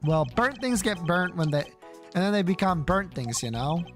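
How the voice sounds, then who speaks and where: Streamer playing a bumbling eager male cop, rambling, earnest, lively ups and downs, faint music behind. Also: mid-range voice, normal speed, lightly acted.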